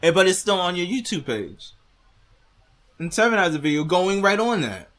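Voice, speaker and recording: A man's voice: high voice, very animated, moderate pace, a bit bright. A man hosting a reaction video, ranting with heavy profanity and arguing back at the clip he is watching.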